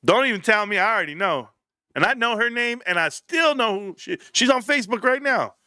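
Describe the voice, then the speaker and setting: A man's voice: sits high, animated, fairly quick, bright, forceful tone, no echo, clean studio sound. A man in his thirties hosting a casual livestream, joking and slipping into bits of song. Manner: joking, breaks into singing. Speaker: livestream host.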